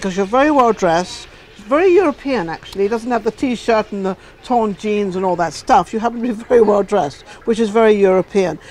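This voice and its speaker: A woman with an English accent hosting a talk show, chatty and animated and quick to interrupt. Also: medium pitch, a little hiss or hum. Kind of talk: casual interview chat.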